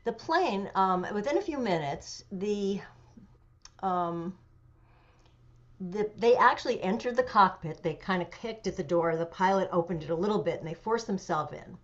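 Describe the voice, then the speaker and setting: A woman in her seventies, an interview guest telling a personal story with animation, pauses and fillers. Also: medium pitch, lively intonation. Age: 70s. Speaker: interview guest, memoir author. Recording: dull lo-fi audio.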